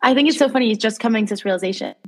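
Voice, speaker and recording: A young woman with a slightly husky voice co-hosting a relaxed podcast. She talks quickly and fills her sentences with "like". Her pitch is on the higher side. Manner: quick, filler-heavy talk with lots of "like". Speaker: podcast co-host. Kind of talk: casual chat.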